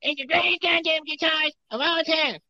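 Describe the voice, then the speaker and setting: High, sharp-edged impression of an angry aging rock frontman; profane, shouty, dull lo-fi audio. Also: fairly even intonation, a little fast, heavily acted. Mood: furious. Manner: profane ranting, shouting insults. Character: furious foul-mouthed aging male rock singer.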